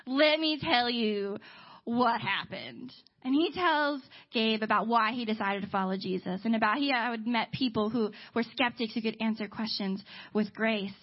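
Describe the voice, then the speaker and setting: High-voiced chatty woman telling a story. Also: normal speed, few pauses, dull audio. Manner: chatty, heavy use of "like". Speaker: campus ministry staff. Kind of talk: personal testimony story.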